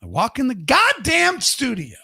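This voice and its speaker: A man hosting a podcast, telling an anecdote in a casual, animated and profane way, acting out the voices of the people in it. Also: very high voice, measured pace, vocal fry, breathy edge, no room sound, clean studio sound. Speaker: podcast host. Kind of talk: casual storytelling.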